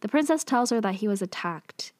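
A young woman casually recapping a TV drama, chatty and full of fillers and quick asides. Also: medium pitch, animated, a little mellow, no echo.

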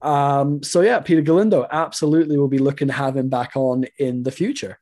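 A man's voice: mid-range voice, steady tone, a little fast, a little mellow. Chatty chuckling man from England. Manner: rambling, chuckling, lots of fillers. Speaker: podcast co-host. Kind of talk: casual soccer podcast chat. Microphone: video call.

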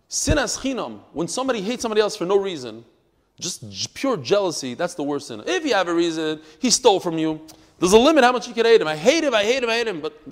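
A man teaching a Talmud class, swinging from quiet asides to loud, emphatic outbursts. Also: high-pitched, long reverb tail. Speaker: Torah teacher.

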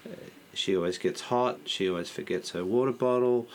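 A man co-hosting a casual interview, telling relaxed everyday anecdotes and thinking aloud. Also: mid-range voice, normal speed, slight background noise. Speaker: co-host.

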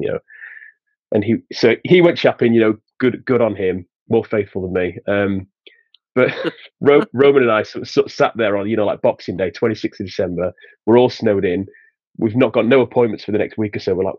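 A man's voice: lowish voice, a little fast, no echo, lo-fi sound. A man from Sheffield with a Yorkshire accent, chatting as a podcast guest and telling anecdotes with a laugh. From England, Sheffield. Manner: chatty, laughs through his anecdotes, many restarts. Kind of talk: casual storytelling.

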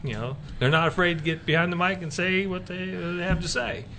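Guy hosting a church-y radio chat, bright forceful voice, rambles and restarts a lot, faint hum behind. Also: high-pitched, brisk. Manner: rambling, many fillers and restarts. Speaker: radio show host. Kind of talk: casual faith talk chat.

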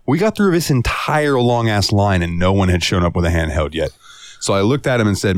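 A man's voice: lowish voice, big pitch swings, fairly quick, no room sound. A young man co-hosting a podcast, telling a story in a profane, exasperated way and acting out the quotes. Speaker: podcast co-host. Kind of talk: casual storytelling chat.

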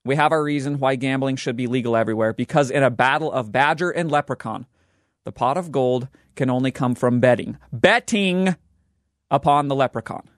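A young man hosting a sports betting show, talking in an animated, joking and emphatic way. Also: medium pitch, fairly quick, no echo, studio quality. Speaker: sports podcast host. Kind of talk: scripted sports commentary.

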